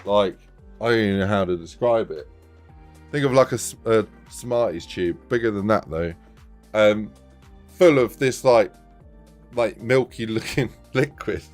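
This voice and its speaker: A man's voice: fairly low pitch, a little slow, long pauses, a little mellow, faint music behind. A man in his thirties, casually telling a rambling anecdote on a live stream, laughing often.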